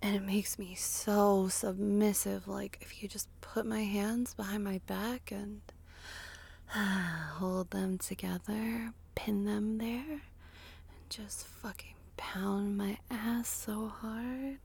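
A woman in a whispered intimate monologue, breathy and sighing, speaking slowly and lingering, recorded in a small closet. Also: mid-range voice, steady tone. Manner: breathy, sighing, slow and lingering, with soft laughs. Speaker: adult audio creator.

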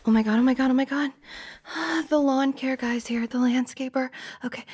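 A young woman performing a one-sided role-play monologue, flustered and breathy, with frequent sighs and half-whispered lines. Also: sits high, steady tone, normal speed, darkish tone, a little hiss or hum.

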